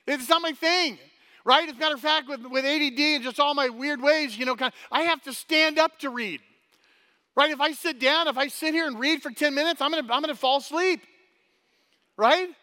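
A man preaching a sermon as pastor, energetic and chatty, often tossing "right?" at the congregation and restarting his sentences. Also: very high-pitched, brisk. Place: church hall. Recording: long hall reverb.

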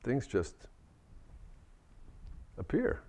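A man giving a Buddhist dharma talk, gentle and reflective, often restarting his sentences. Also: very slow. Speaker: Buddhist teacher.

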